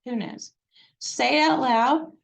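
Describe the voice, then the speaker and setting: A woman's voice: high voice, slow pace, vocal fry. Chatty woman giving a library talk. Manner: chatty, digressive, many fillers. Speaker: genealogy presenter. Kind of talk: library presentation.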